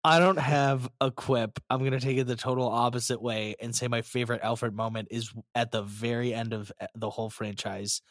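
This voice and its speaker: A man's voice: mid-range voice, steady tone, fairly quick, hardly any pauses, dry recording. Effusive man chatting, dry close sound. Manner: enthusiastic, effusive. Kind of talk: casual podcast chat.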